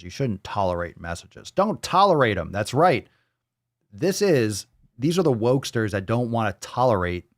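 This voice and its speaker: A male podcast host on a live stream, sarcastic and profane, his pitch leaping widely between flat grumbles and shrill outbursts. The sound is dry and close, with no room echo.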